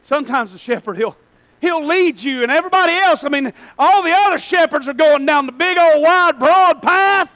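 A male pastor preaching a sermon in a church, swinging between shouted lines and quiet asides. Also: very high voice, lively intonation, normal speed, rough recording.

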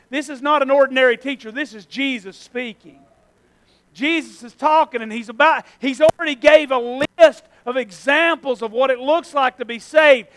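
Guy with a real high voice preaching, repeats himself a lot, gets fired up. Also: fairly bright tone. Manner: impassioned preaching, rising and falling in intensity; repeats phrases for emphasis. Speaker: pastor. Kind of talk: sermon.

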